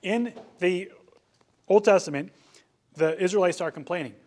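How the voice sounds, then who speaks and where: A young man preaching a sermon to young adults, animated and joking, with frequent storytelling asides. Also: high-pitched, moderate pace. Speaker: youth pastor.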